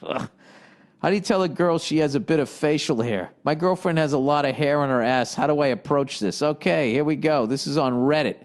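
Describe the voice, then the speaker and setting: A man delivers a comedic podcast rant in a voice that sits somewhat high for a man. He reads questions aloud, then riffs on them with plenty of swearing and a tone of exasperation. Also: normal speed. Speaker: podcast host. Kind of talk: ranting comedic monologue.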